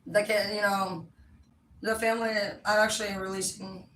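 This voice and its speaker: A woman's voice: medium pitch, little pitch movement, moderate pace, a bit bright, a little hiss or hum. A woman telling a long story in a blunt, rambling, profane casual chat. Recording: echoey room, mic at a distance.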